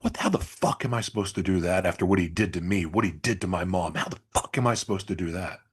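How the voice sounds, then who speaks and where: A man's voice: low voice, fast talker, husky. A man guest in an interview, telling his story candidly and confessionally, swearing at times.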